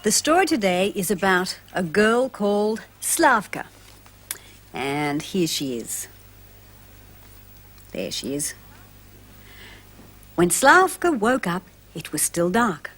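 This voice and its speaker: A woman narrating a storybook for young children, gentle and expressive, asking the listeners questions. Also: medium pitch, slow pace, pauses often, slightly rough.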